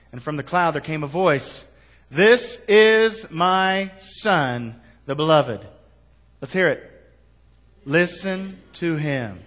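A man preaching a sermon as pastor, reading scripture aloud and pressing the congregation with rhetorical questions, moving between quiet asides and rising, emphatic lines. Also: high-pitched.

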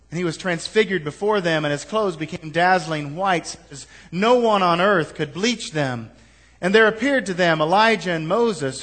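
A pastor with a voice that sits high preaches a sermon, reading scripture aloud and pressing the congregation with rhetorical questions. He shifts between quiet asides and rising, emphatic lines.

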